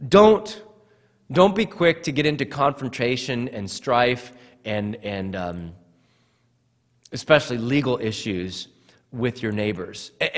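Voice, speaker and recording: A man preaching a sermon as pastor, earnest, often repeating words as he starts a phrase. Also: medium pitch. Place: church sanctuary. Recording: church hall reverb.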